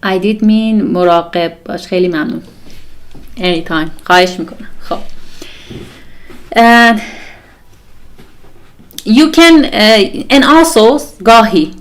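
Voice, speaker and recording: A woman's voice: mid-range voice, moderate pace, pauses often. A young woman with a Persian accent, a native Persian speaker, teaching a live online language lesson in a patient, explaining way and moving between English and Persian.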